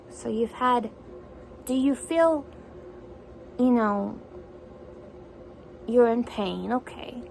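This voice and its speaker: A woman's voice: on the high side, gravelly, a little hiss or hum, rough recording. A woman in a one-sided conversation, repeating back what she hears and asking incredulous follow-up questions.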